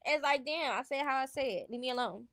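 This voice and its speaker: A woman's voice: high voice, fast, fairly bright tone, no echo, clean studio sound. A woman hosting a stream, chatting casually and bluntly with a sassy, laughing manner. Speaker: stream host. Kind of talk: casual commentary chat.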